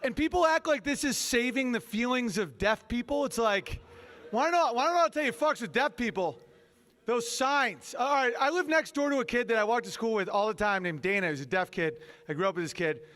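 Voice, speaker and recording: High-voiced, profane male stand-up comic. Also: animated, a little fast, fairly bright tone. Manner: profane, rambling, mocking. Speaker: stand-up comedian. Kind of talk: stand-up comedy set.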